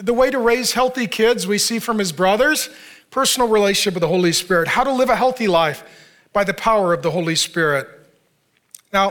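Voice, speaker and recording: A man's voice: high voice, a bit bright. A man preaching a conversational sermon in a church, with rhetorical questions, asides and humor. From Arizona, United States. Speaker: pastor.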